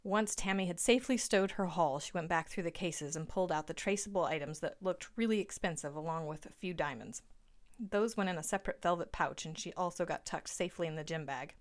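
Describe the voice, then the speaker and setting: A woman's voice: on the low side, a little fast. A woman narrating a story aloud in a dry, wry manner.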